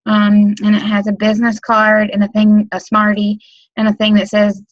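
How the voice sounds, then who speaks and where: A woman's voice: medium pitch, completely flat delivery, normal speed, dry recording, dull audio. A woman giving casual training on a webinar, rambling with lots of um, like and you know. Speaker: direct sales consultant training new team members. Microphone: computer mic on a webinar.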